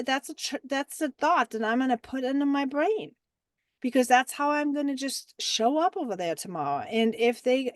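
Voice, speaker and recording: This is a woman with a German accent who hosts a mentorship call. Her voice sits a little high, and she talks in a lively, chatty way, leaning on "like" and "right?" as she coaches. The sound is dry and close. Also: no room sound. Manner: animated and chatty, many fillers like "like" and "right?". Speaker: mentorship group host. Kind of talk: casual coaching talk on a group call.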